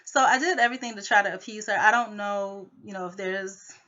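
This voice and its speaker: A woman's voice: medium pitch, fairly quick, sharp tone, highs cut off. A woman rambling through a personal conflict story, full of filler phrases.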